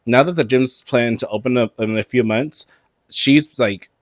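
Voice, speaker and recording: Guy ranting gossip on his podcast, lots of cussing and likes, mid pitch, dry close sound. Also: moderate pace, dry recording. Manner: animated, gossipy and profane, with frequent fillers. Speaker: podcast host. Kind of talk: casual pop-culture commentary. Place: at home in front of a closet.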